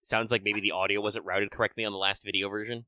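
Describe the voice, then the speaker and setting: A man running a tabletop session talks in quick, chatty bursts, often restarting his sentences. His voice is lowish and bright. The sound is close and dry, like a home headset mic. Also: little pitch movement, dry recording. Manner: quick, chatty, self-correcting. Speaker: game master. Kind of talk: running a tabletop game over voice chat.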